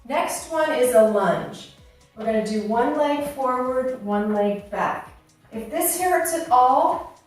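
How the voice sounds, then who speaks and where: A woman's voice: high-pitched, a little mellow, distant mic. Encouraging woman coaching a workout, echoey. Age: 50s. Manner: brisk, encouraging coaching cues. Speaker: fitness instructor. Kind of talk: workout instruction. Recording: very echoey room, voice off-mic, music behind.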